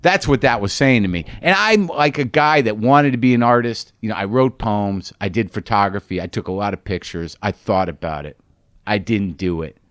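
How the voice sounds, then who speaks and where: A man's voice: on the low side, moderate pace, a bit bright, no room sound. A middle-aged man hosting a podcast, telling stories in a rambling, candid, profane and self-mocking monologue. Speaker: podcast host. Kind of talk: monologue storytelling.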